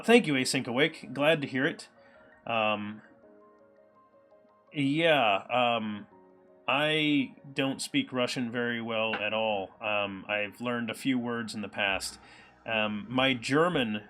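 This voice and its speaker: A man's voice: mid-range voice, fairly bright tone. A man with an American Midwest accent hosts a live coding stream, thinking aloud with lots of ums and reading chat messages aloud. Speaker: livestream programmer host.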